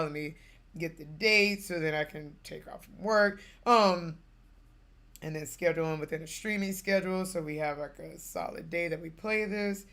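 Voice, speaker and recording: A young woman streaming games, telling a family story in a casual, animated way with bursts of laughter. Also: fairly low pitch. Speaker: gaming streamer.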